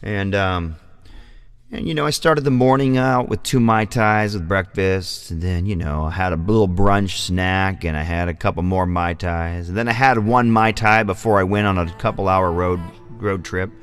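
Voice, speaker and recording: A man's voice: deep voice, normal speed, smooth. Rambling, profane male vlog host. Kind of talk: casual storytelling.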